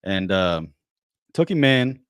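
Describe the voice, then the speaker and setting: A man's voice: low-pitched, very animated, slow, smooth, no echo. A man hosting a podcast, chatting casually and telling laid-back stories with plenty of swearing. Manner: laid-back, profane storytelling. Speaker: podcast host. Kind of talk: casual chat.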